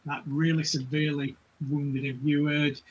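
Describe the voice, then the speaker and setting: A man acting as game master, narrating a tabletop game in a relaxed way with many fillers. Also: fairly high pitch, moderate pace. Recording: dull lo-fi with faint noise.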